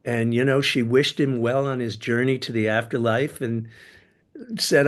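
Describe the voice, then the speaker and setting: Animated older man telling stories. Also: a little slow. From United States. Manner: animated storyteller, sudden jumps in pitch and loudness. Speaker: podcast guest. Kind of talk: casual storytelling interview.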